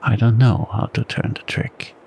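A man in whispered role-play voicing a menacing male faro dealer who talks in a slow, ominous drawl. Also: medium pitch, flat delivery, vocal fry, darkish tone, a little hiss or hum, close to an everyday voice.

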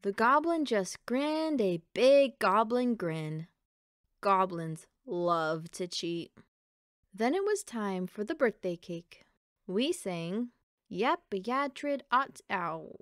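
A woman reading a children's picture book aloud in a gentle, expressive storytelling voice, close to the mic. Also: medium pitch, takes it slowly, dry recording. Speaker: storybook reader.

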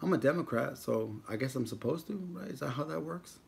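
A man's voice: mid-range voice, lively intonation, brisk, gravelly. A young man casually chatting with viewers on a live stream, joking around and reading out viewer names as he goes. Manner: joking, banters with chat, reads out viewer names. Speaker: mukbang vlogger on a livestream.

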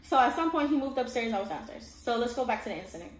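Woman with a slightly high voice telling her story, emphatic, keeps asking "all right?", echoey room. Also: sing-song, fast. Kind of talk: casual storytime monologue. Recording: echoey room with faint background hum.

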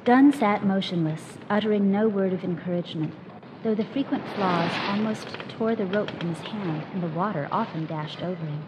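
A woman reads a story aloud, measured and expressive, her voice at an ordinary middle pitch. A loud hiss of noise lies under the whole recording. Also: highs cut off. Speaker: reader.

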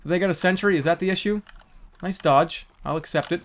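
A man giving loud, excitable gameplay commentary, yelping and swearing while desperate to pee. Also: sits high, a little fast. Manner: excitable, yelps and swears, self-mocking. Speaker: gaming YouTuber.

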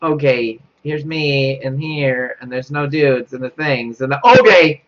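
A young man streaming a horror game live, panicking, laughing nervously and repeating himself as he reads chat aloud. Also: a little slow. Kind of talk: live gameplay commentary. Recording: dull low-quality mic.

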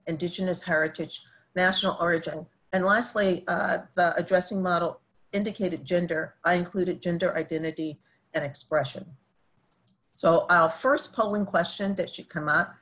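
A woman's voice: on the low side, fairly bright tone, rough recording. Woman presenting a training webinar. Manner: conversational, many fillers.

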